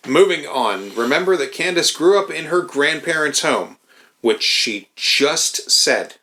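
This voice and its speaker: A man hosts a podcast with dry, mocking commentary and casual profanity. His voice is mid-pitched and bright, with a firm edge. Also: animated, measured pace. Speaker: podcast host. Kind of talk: sardonic commentary.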